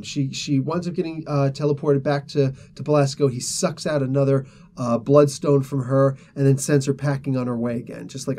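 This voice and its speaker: A man's voice: on the high side, warm tone. A man hosting a casual comic book review, retelling a story in a rambling way full of fillers.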